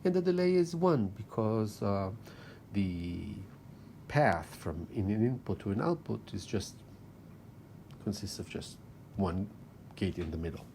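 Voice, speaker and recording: Lively, low-voiced man giving a lecture. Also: unhurried, pauses often, slight background noise. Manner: explains step by step, talking through drawings with frequent "okay". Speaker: university lecturer. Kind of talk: recorded lecture explaining slides.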